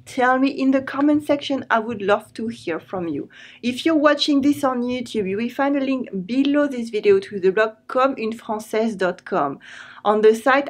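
A French woman, a language teacher, explaining vocabulary clearly and patiently and repeating words slowly so they can be copied. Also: on the high side. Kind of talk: vocabulary lesson.

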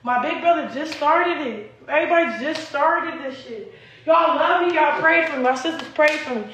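A woman's voice: high-pitched, moderate pace, a bit bright, echoey room, a little hiss or hum, low-quality recording. A young woman in a rambling, agitated and profane livestream rant, recorded on a phone.

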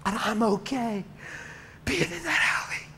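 Impassioned high-voiced male preacher in a church. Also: expressive, unhurried, gravelly. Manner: impassioned storytelling, swinging from hushed whispers to shouts. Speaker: guest preacher. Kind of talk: sermon. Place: church sanctuary. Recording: reverberant church hall, faint noise.

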